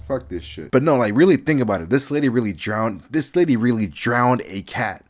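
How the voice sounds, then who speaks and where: A man casually reviewing a manga chapter, animated and swearing, flaring into loud outbursts. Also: mid-range voice, brisk, few pauses, music in the background.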